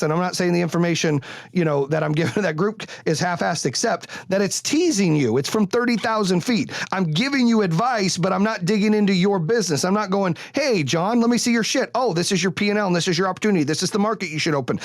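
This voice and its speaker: A middle-aged man hosting a podcast, telling his story in a blunt, profane, animated way. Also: fairly high pitch, no room sound, clean studio sound. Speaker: podcast host. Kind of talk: candid monologue.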